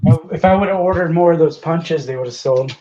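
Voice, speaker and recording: A man's voice: on the high side, a little fast, warm tone, muffled recording. A man who runs a comic shop, speaking matter-of-factly in a casual chat.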